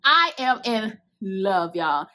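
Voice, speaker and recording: In a mid-range voice and at a slow pace, a woman unboxes crochet hooks while chatting casually to her audience. She's gushing and excitable, talking directly to viewers in loose slang with Southern touches like "y'all" and "I'ma."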